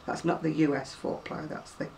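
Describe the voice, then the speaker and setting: Older woman, gravelly, chatty. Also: low voice, level tone, normal speed, a little mellow. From England. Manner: chatty and self-deprecating, rambling asides. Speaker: crochet vlogger. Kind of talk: casual chat to camera. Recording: distant mic with faint room noise.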